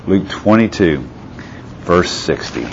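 Deep-voiced man preaching a sermon. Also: animated, takes it slowly. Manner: asks the listeners rhetorical questions; reads out scripture passages. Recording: slightly muffled with faint background hiss.

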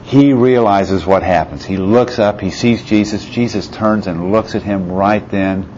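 A man's voice: lowish voice, unhurried, darkish tone. A man preaching a sermon who reads scripture passages aloud and puts rhetorical questions to his listeners. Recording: slightly muffled with faint background hiss.

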